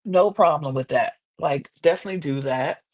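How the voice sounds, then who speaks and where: A woman hosting a podcast, recapping a reality show in casual, animated chat. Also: sits low, moderate pace. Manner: chatty, animated, quotes people in exaggerated voices.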